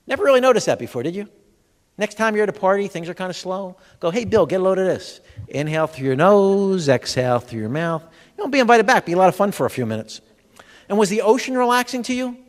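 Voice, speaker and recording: Lively high-voiced man joking on stage. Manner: jokey, quizzes the audience with rapid questions. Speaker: comedic health educator. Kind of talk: stand-up style seminar talk. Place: large expo hall. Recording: long hall reverb from a live venue.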